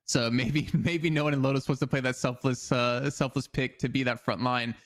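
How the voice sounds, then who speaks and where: A man's voice: medium pitch, steady tone, normal speed. A man co-casting an esports match, giving casual analysis full of hedges like "I mean.". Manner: casual, hedging with fillers like "I mean". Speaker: esports co-caster.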